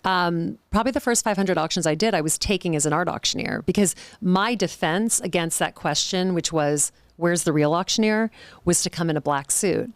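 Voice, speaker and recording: A woman in her forties, a charity auctioneer, telling lively, self-deprecating stories in a podcast interview. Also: fairly low pitch, a little fast, hardly any pauses, dry recording.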